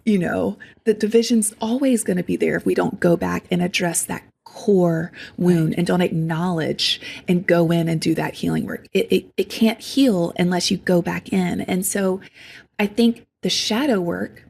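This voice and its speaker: Woman, podcast guest, husky, gravelly creak, earnest and tender, reflective. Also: lowish voice, steady tone, moderate pace. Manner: earnest, tender, drops into soft whispers. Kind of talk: reflective spiritual conversation.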